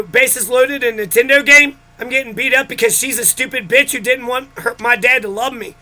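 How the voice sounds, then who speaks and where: Bitter ranting man with a bright high voice. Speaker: vlogger. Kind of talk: angry personal rant.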